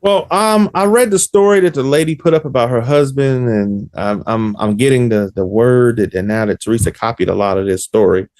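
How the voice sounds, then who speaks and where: A man answering interview questions, hesitant and halting, with many fillers. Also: medium pitch, a little mellow.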